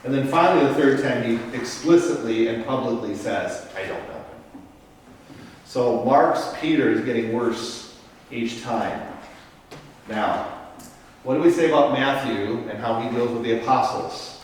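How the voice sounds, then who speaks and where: With lively intonation and normal speed, a medium-pitched parish priest teaches a casual Bible study, breaking things down step by step and often asking the group "Okay?". The mic is distant in an echoey parish meeting room, and there's a little hiss or hum.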